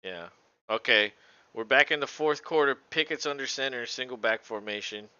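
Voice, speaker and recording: A man casually calling a football game play by play, relaxed, laughing often and swearing freely. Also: medium pitch, normal speed, clean tone, no echo, lo-fi sound. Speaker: co-host doing play-by-play.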